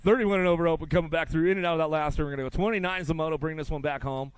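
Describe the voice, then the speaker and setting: A man calls a live race in brisk play-by-play, reeling off riders' names and slipping in teasing jokes for the crowd. His voice sits fairly high and sounds smooth and clean. The sound is dry and close to the mic. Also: fairly even intonation, no echo. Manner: rapid play-by-play with joking asides. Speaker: race announcer. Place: outdoor race track.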